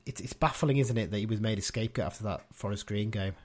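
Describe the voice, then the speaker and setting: A male co-host with a lowish voice talks quickly on a casual football podcast, chatty and opinionated, often ending his points with questions.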